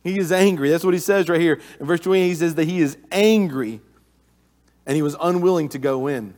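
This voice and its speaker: Man preaching in earnest, somewhat high-pitched, reverberant hall. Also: brisk, darkish tone. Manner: earnest, with many restarts and filler uhs. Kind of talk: sermon. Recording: long reverb of a large hall.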